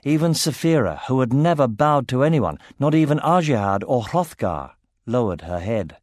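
A man narrating a fantasy novel in a steady, measured reading voice. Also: medium pitch, no echo, clean studio sound.

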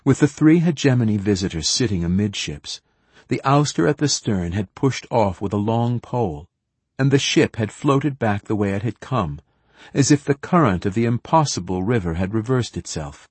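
A man narrates an audiobook in a measured, even delivery. His voice sits low with a husky, slightly breathy grain, recorded close and dry with no room sound. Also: no room sound.

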